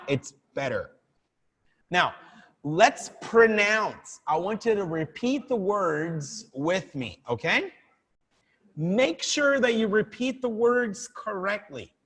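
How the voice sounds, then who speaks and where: In a reverberant room with a lighting setup, filmed on a laptop, a man teaches a live online English class, encouraging his students and drilling their pronunciation. His voice is high, fairly bright, and slightly rough.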